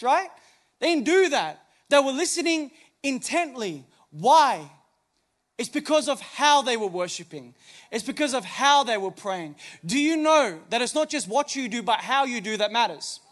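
A man's voice: very high-pitched, animated, moderate pace, fairly bright tone. A man preaching a sermon as pastor on a church stage, emphatic, with many rhetorical questions.

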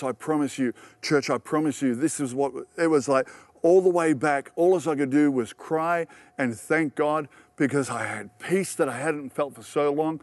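A man preaching from the pulpit, sharing an earnest and emotional testimony that circles back on itself with repeated restarts. His voice sits a little high for a man, and the sound is close and dry with no room echo. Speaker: pastor. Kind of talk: sermon.

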